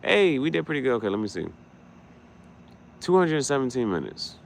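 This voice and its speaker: Deep raspy guy rambling on his late night vlog, voice jumps all over, mumbles, cuts himself off. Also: sing-song, moderate pace, a little hiss or hum. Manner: thinks out loud, trails off, lots of restarts and muttering. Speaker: vlogger.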